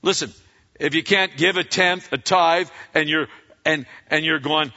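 A man preaching a sermon in a conversational, animated way, often repeating himself and acting out little asides. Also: fairly high pitch, unhurried, in a large hall, dull audio. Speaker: pastor.

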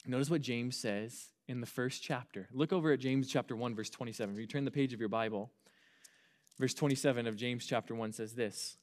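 A young man preaching to a youth group, talking in an earnest, animated way with frequent restarts and stammers. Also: mid-range voice, brisk. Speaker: youth pastor.

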